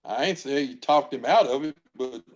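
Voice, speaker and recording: A man in a church Bible study who talks in a casual, folksy way, with halting phrases and laughs between them. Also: medium pitch, expressive, muffled recording, crowd noise.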